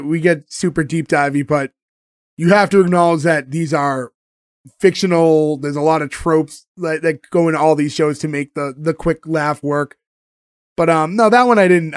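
A man hosting a casual podcast chat, retelling sitcom scenes and acting out the lines in quick quoted voices. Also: on the high side, no room sound, clean studio sound. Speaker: podcast host recapping a sitcom episode.

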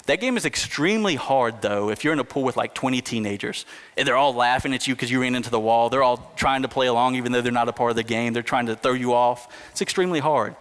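A man preaching a sermon in an earnest manner, slowing down and lifting his voice for emphasis. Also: medium pitch, a bit bright, big-room sound. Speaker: pastor.

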